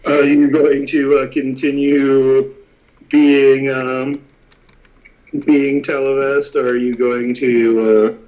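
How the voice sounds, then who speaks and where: A man running a tabletop game as game master, casual and quick to laugh. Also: mid-range voice, little pitch movement, darkish tone, dull audio.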